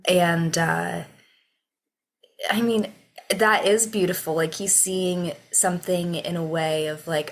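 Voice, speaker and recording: A woman co-hosts a casual podcast discussion, working through her thoughts slowly and carefully. Her voice sits a little low, and she leaves long pauses filled with ums and likes. The delivery is relaxed and reflective. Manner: unhurried, thoughtful, lots of fillers. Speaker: podcast co-host.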